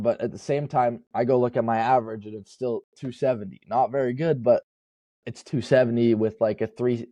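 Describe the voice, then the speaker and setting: With a dark tone at a medium pitch and no echo in the recording, a young college baseball player speaks as a podcast guest. His interview talk is relaxed and earnest, though he rambles and keeps correcting himself.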